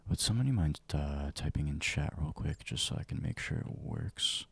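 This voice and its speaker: A man streaming a survival game as ASMR, whispering and speaking softly into a close mic, now and then flaring up in frustration, with keyboard and mouse clicks behind him. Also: a bass voice, expressive, moderate pace, gravelly, husky. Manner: mostly whispered and soft, flaring into loud frustration. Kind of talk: ASMR gameplay livestream commentary.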